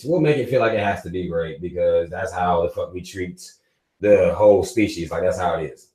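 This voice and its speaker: A man's voice: deep voice, moderate pace, roomy sound, poor audio. A man hosting a live stream, giving loose, profane commentary with frequent laughs. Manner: animated, swearing, laughing often.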